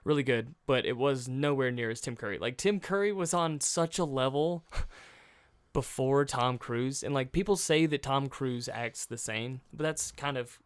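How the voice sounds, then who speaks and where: A man's voice: medium pitch, moderate pace, clear, resonant tone. A man hosting a podcast in casual chat, rambling and joking, swearing and laughing often. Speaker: podcast host.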